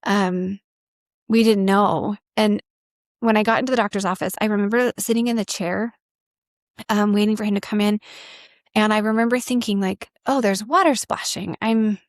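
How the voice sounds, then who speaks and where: Woman in her thirties, podcast guest, candid storytelling, rambling with fillers, medium pitch, dry close sound. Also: fairly even intonation, normal speed, no echo. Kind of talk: personal storytelling.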